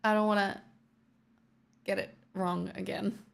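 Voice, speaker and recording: A woman's voice: medium pitch, little pitch movement, unhurried, creaky. A woman, chatting casually on a live stream, reading out viewer donations and answering them in a wry, sardonic way. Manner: wry and sardonic, peppered with "right?" and "truly".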